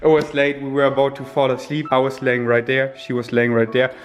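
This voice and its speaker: A young man vlogging casually to a handheld camera in a room, rambling and excitable with big jumps in his voice. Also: medium pitch, brisk. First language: German. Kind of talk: casual vlog talk to camera. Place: indoor room with a window. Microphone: handheld camera at arm's length. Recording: echoey room with faint music.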